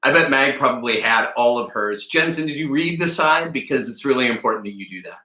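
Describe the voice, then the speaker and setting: A man teaching a live-streamed read-aloud lesson, chatty and energetic as he talks to the viewers in the chat. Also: medium pitch, fairly quick, reverberant. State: a little out of breath.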